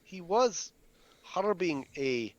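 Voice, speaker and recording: Higher-voiced man playing a cleric. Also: expressive, takes it slowly, dull audio. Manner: earnest, methodical, asks the game master about rules. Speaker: player. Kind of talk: casual tabletop play.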